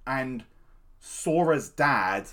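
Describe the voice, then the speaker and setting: Lively, rambling podcast co-host. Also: medium pitch, extremely slow. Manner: rambling, lively, full of fillers. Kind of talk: casual chat.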